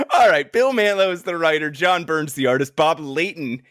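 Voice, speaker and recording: A man's voice: fairly high pitch, lively intonation, normal speed, a bit bright. A tired man co-hosting a comic book podcast, cracking up often through punchy banter. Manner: giggly, punchy, exhausted banter. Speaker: podcast co-host.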